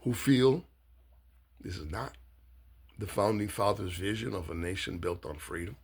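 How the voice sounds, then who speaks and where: A Cuban-born man, a political candidate, giving a profane, blunt political monologue that swings between low asides and shouting. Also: moderate pace, breathy edge. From Cuba.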